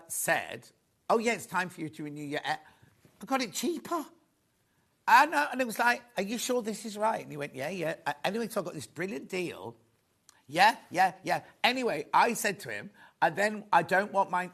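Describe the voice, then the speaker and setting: A man presenting a live shopping show in a studio, chatty and rambling with quick asides. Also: high-pitched, creaky, pushed and bright. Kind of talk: live selling chat.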